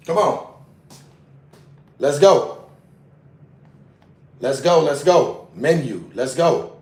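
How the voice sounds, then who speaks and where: A man's voice: on the high side, animated, a little slow, pauses often, darkish tone, recorded from a distance. A man on a casual livestream, talking in an agitated, profane way and repeating himself, recorded away from the mic. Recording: roomy sound, away from mic.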